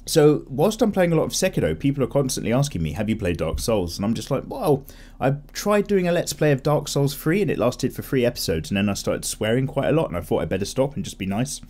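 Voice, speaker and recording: Chatty man with lively pitch. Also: fast talker. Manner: chatty, rambling, self-correcting with laughs. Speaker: art channel host. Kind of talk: casual chat while drawing.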